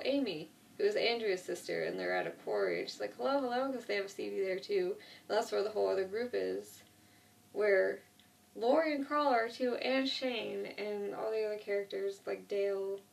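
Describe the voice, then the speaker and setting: A woman casually retells a story, rambling along, correcting herself and leaning on "like." Her voice is gravelly with vocal fry, at a middle pitch. She sounds a little distant from the mic. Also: moderate pace, a little hiss or hum. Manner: rambling, self-correcting, lots of 'like'.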